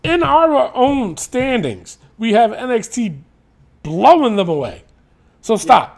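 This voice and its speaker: A man's voice: very high-pitched, slow, vocal fry. A man co-hosting a casual podcast, ranting and cursing as he talks. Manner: animated, ranting, profane. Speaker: podcast co-host. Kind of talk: casual wrestling podcast chat.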